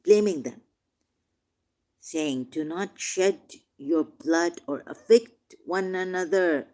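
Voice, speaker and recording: A religious commentator, a man with a slightly high voice, reads scripture verses aloud and comments on them. He grows emotional, shifting between quiet musing and loud, drawn-out declaiming.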